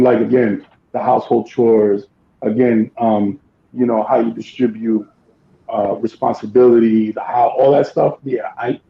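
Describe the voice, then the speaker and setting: A man's voice: medium pitch, roomy sound, dull audio. Man with a blunt, swearing podcast chat. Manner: blunt and emphatic, swears freely. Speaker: podcast co-host. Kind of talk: casual chat.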